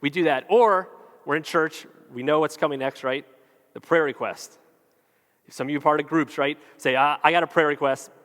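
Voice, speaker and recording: Pastor with a higher voice in a reverberant hall. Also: male voice, moderate pace, a bit bright. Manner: conversational, jokey, acts out quoted voices. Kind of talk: sermon. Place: church hall with long reverb.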